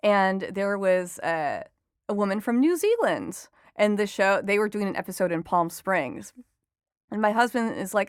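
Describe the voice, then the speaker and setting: A young adult woman, a reporter guest on a podcast interview, talking in a chatty, enthusiastic way with quick asides. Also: mid-range voice, expressive, clear, resonant tone, no echo, clean studio sound. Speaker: entertainment reporter and author guest.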